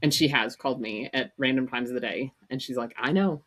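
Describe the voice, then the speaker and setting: Low-voiced woman podcast co-host. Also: fairly quick, fairly bright tone. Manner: candid, laughs often, storytelling. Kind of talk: casual chat.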